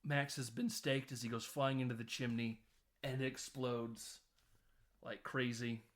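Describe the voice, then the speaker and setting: A man hosting a casual film podcast, recapping scenes with quick quoted voices. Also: medium pitch, little pitch movement. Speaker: podcast host.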